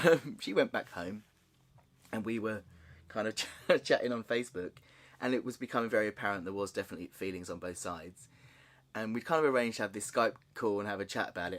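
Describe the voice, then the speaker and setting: A man sharing a personal story in a candid, halting way, with nervous laughs and frequent restarts. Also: medium pitch. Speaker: vlogger. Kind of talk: personal confessional vlog.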